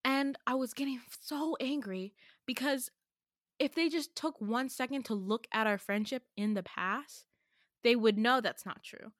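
A woman's voice: on the high side, a little slow, no echo, studio quality. A young adult woman hosting a podcast, telling a personal story in a chatty way, filling her sentences with "like" and stressing her points hard. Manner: chatty, heavy use of "like", emphatic and indignant. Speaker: podcast host. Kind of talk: casual storytelling.

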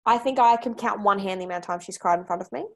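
A woman's voice: mid-range voice, racing, a bit bright. A woman hosting a podcast, talking earnestly and emphatically, repeating points for stress. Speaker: podcast host. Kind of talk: casual chat.

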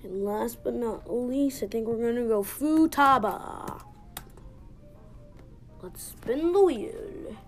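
A woman hosting a gaming video, giving playful, excitable let's-play commentary with frequent giggles. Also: on the high side, slow, pauses often, faint music behind. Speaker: gaming channel host.

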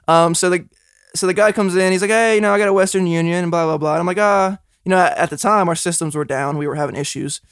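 Young guy podcast cohost, high voice, dry close sound, tells stories fast. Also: no echo. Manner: storytelling, acts out both sides of exchanges. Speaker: podcast co-host. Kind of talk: casual chat.

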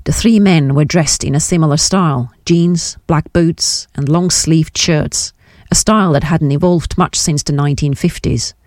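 A woman narrating a novel in a measured, descriptive audiobook reading. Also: deep voice, darkish tone, no room sound, clean studio sound. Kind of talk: scripted narration.

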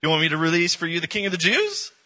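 A man's voice: a little high, wildly swooping pitch, quick pace, pushed and bright, pitched above the performer's own voice, full character voice. A man voicing a casual, exasperated male Roman governor who presses and talks in slang. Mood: pressing.

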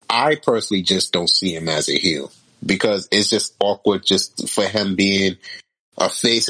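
A man talking casually about wrestling with friends, animated and full of slang, sometimes dropping low for emphasis. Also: poor audio. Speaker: wrestling podcast co-host. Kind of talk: casual chat.

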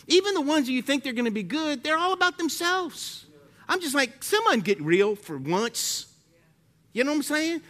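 Animated Southern preacher man, high bright voice. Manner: animated preaching, swinging from loud to hushed prayer. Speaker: pastor. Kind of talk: sermon.

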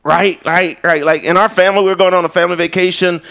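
A male pastor preaching a live sermon in a loose, conversational way, with humor and frequent restarts, dropping low and slow for emphasis and rising when he exhorts. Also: fairly even intonation, vocal fry, fairly bright tone, clear, resonant tone.

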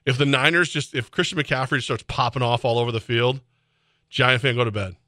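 A man hosting a sports radio show, excitable and rambling, often laughing as he talks. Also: mid-range voice, a little fast, dry recording, studio quality. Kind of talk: casual sports radio banter. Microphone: studio microphone.

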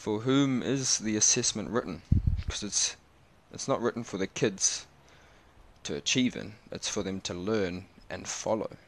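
A man, rambling in a slangy, casual monologue that turns animated as he tells stories. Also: lowish voice, measured pace, creaky. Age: 20s.

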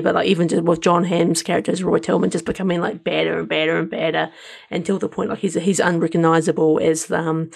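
Man, podcast co-host, easygoing, hedging, gravelly, creaky. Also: sits high. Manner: easygoing, hedging, with lots of "like" and "kind of". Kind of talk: casual entertainment review chat.

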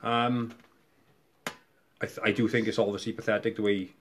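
A man's voice: on the low side, little pitch movement, normal speed, a little hiss or hum. A man on a casual podcast panel, talking in a dry, grumbling way.

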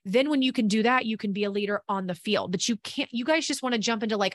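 A woman's voice: mid-range voice, fast, hardly any pauses, no room sound, studio quality. A woman hosting a podcast, giving a fervent, preachy motivational monologue with tough love and talk of faith. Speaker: podcast host and business coach.

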